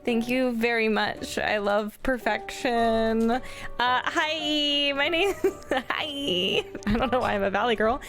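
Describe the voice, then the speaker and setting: A high-voiced woman chatting as a player in a tabletop game. She is bubbly and giggly, joking her way through the introduction. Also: fairly even intonation, measured pace, soft background music. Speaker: player and variety streamer. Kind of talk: casual self-introduction.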